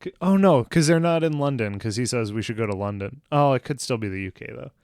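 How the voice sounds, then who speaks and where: A man's voice: mid-range voice, expressive, a little mellow, no room sound, clean studio sound. A man co-hosting a podcast, joking and laughing as he chimes into a casual film discussion. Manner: jokey, quick to laugh, chimes in. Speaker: podcast co-host.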